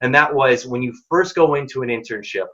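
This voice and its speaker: A man's voice: medium pitch, a little fast, sharp tone, lo-fi sound. A man giving direct, emphatic career advice in a workshop talk. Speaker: workshop speaker.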